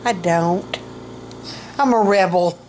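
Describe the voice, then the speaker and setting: A woman's voice: fairly low pitch, takes it slowly, darkish tone, slight background noise, rough recording. A middle-aged woman, vlogging casually about her health, rambling and self-mocking, and short of breath.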